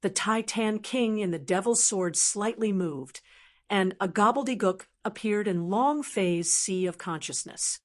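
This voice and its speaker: Even-toned woman narrating a fantasy novel. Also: medium pitch, a little slow. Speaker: audiobook narrator. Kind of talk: scripted web-novel narration.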